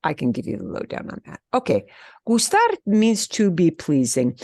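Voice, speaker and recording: A middle-aged woman teaching a beginner Spanish class, upbeat and encouraging, modeling phrases slowly so students can repeat them. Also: mid-range voice, no room sound, studio quality. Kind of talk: online beginner language class.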